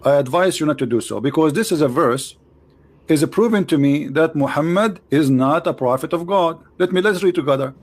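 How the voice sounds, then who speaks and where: A man hosting a debate with a caller, teasing and mocking, repeating himself and swinging between loud jabs and low asides. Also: fairly quick. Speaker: show host debating a caller.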